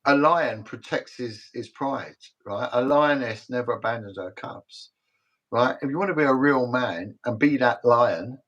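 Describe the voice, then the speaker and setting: A man's voice: mid-range voice, a little slow, fairly bright tone, lo-fi sound. A middle-aged British man, a retired detective, talking as a guest in a casual livestream interview, emphatic and repetitive, rambling from story to story. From Britain.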